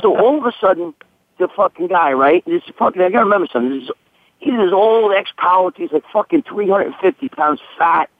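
A man's voice: high voice, very animated, brisk, no room sound. A man telling a crude story in a casual, profane, rambling way. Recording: tinny phone line, dry.

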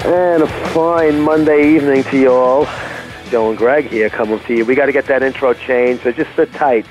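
A man's voice: mid-range voice, fairly even intonation, normal speed, over music. A man co-hosting a crude talk radio show, rambling and joking. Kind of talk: crude casual radio banter. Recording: tinny phone-line audio.

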